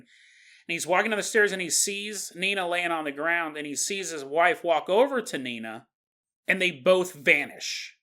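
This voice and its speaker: A man hosts a podcast and narrates a story at an unhurried pace. His voice is bright and clear, and he acts out the people in the story as he goes. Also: on the high side. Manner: animated, acts out the characters in the story. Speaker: podcast host.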